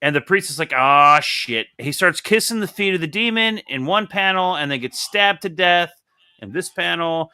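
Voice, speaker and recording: A young man hosts a laid-back comic review, animated and profane as he jokes through the pages. His voice sits a little high, bright and crisply clear. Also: moderate pace. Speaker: comic book review host. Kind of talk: casual podcast chat.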